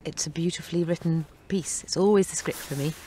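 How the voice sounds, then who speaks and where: A woman's voice: low voice, a little fast, dark tone, slightly rough. A woman speaking as an actress in a press interview about her film, chatty and good-humored. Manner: chatty and good-humored, often breaking into laughter.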